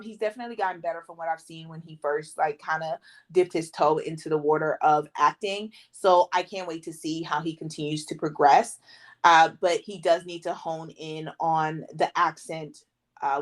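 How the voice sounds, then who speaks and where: A woman's voice: low voice, normal speed. A woman co-hosting a movie podcast, giving her opinion in a rambling way with lots of ums. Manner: rambling, many ums, lively quoting. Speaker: podcast co-host. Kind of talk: casual chat.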